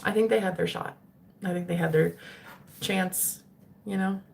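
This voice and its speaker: A woman's voice: on the low side, fairly even intonation, unhurried, creaky, darkish tone, a little hiss or hum. A young adult woman talking casually to her stream viewers, chatty and swearing freely. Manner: chatty, swearing, laughing often. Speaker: spiritual streamer.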